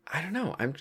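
A man in casual chat, thinking aloud about a game's story, with frequent fillers and sighs. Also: bright, forceful tone. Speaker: co-host discussing a video game.

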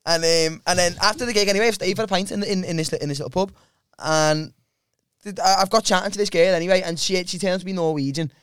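A man's voice: high-pitched, fast talker, a bit bright, clear, resonant tone, no echo, studio quality. A man hosting a podcast, telling a crude rambling story in casual chat. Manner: rambling and crude, many restarts. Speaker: podcast host.

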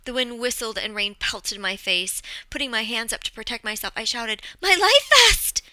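A woman telling a story in a lively, dramatic way, summarizing a book and then reading from it. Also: fairly high pitch, normal speed, no room sound, poor audio. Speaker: book presenter.

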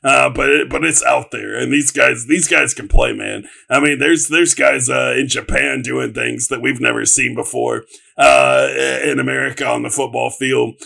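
Very gravelly guy, bright edge, chatting football, lots of uhs. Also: mid-range voice, steady tone, normal speed. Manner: hesitant, lots of uh fillers. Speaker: panelist. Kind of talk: casual sports talk.

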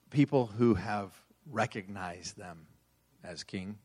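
A pastor preaching a sermon to his congregation, joking and swelling loud for emphasis. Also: fairly low pitch, normal speed.

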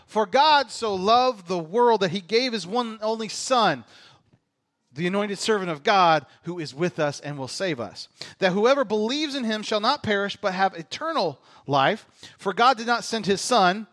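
Animated high-voiced male pastor preaching. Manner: animated, swings from loud exclamations to hushed near-whispers. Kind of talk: sermon.

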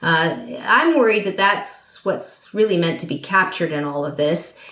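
A woman's voice: lowish voice, lively intonation, unhurried, a bit bright, roomy sound. A woman speaking as a podcast guest in a political conversation, thoughtful and hesitant, with many fillers and restarts.

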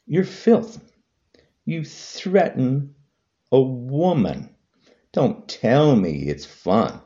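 A man's voice: huge pitch swings, very slow, mellow, dull audio. A man delivering an angry political rant to camera, hurling repetitive insults. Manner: heated, repetitive insults, voice swinging high and low. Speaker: vlogger.

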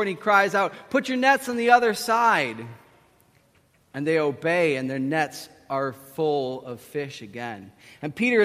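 An animated male preacher tells a storytelling sermon and acts out the quotes. His voice sits fairly high, and a long hall reverb lingers after his words.

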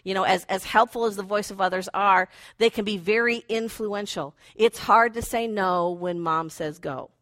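A woman's voice: mid-range voice, moderate pace, hardly any pauses, fairly bright tone, no echo. A woman preaching a conversational sermon who acts out inner voices playfully.

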